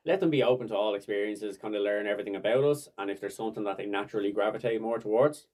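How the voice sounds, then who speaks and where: A young man with a very low voice answers an interviewer's questions calmly. He speaks at an even, measured pace. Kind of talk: casual interview.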